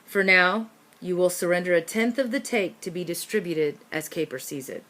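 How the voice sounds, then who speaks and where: A woman voicing a calm, ambitious young male street rat who speaks in a matter-of-fact way in a storybook reading. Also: lowish voice, normal speed, lightly acted.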